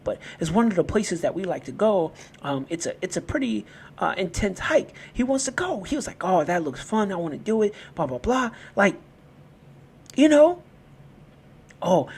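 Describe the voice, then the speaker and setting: Male podcast host, husky voice, conversational motivational talk with frequent restarts. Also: high-pitched. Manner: conversational, repeats and restarts phrases while telling stories.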